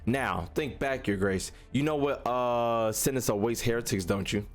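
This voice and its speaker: A man reading out the lines of a vengeful young woman, a cold and mocking witch-saint, in a slow sneering way. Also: mid-range voice, faint music behind, pitched below the performer's own voice, close to an everyday voice. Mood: cruel.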